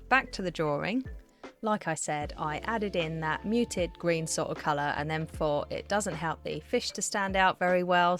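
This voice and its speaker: A woman's voice: low voice, a bit bright. A woman chatting casually as she narrates a voiceover for her art vlog, giggling often and running herself down. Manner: chatty, giggly, self-deprecating. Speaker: art vlogger. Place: home art studio.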